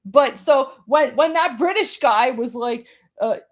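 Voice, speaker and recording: A woman's voice: high voice, animated, unhurried. A woman from Iran hosting a live stream, giving sarcastic reaction commentary and constantly talking to her viewers. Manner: sarcastic, mocking, keeps addressing viewers. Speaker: livestream host.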